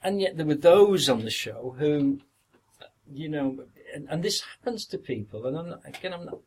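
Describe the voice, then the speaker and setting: An older Yorkshire actor from northern England tells interview anecdotes as a podcast guest in a fairly high, husky voice with lively intonation at a moderate pace. He rambles, repeats words, and sometimes acts out what others said. The recording is low quality.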